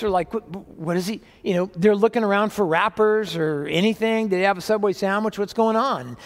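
High-voiced pastor in a reverberant hall. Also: male voice. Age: older. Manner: conversational, self-deprecating humor. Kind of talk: sermon.

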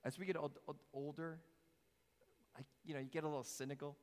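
A pastor preaching a sermon, animated, jumping from loud emphasis to quiet low phrases and putting questions to the congregation. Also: male voice, fairly quick. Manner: animated, swings between loud emphasis and soft low lines; asks the congregation questions, jokes. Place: church sanctuary. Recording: long hall reverb.

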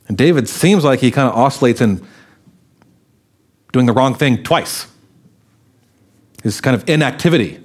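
A pastor delivering a sermon in an animated, conversational way. He raises his pitch to act out the people in the story and then drops back to his usual voice. His voice sits in the middle of the male range. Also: normal speed, long pauses, breathy edge.

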